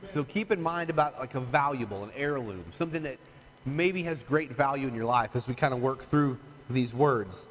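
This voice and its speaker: A man's voice: mid-range voice, normal speed. A man preaching a conversational, emphatic sermon as pastor, often asking his listeners "right?". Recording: long hall reverb, faint room noise.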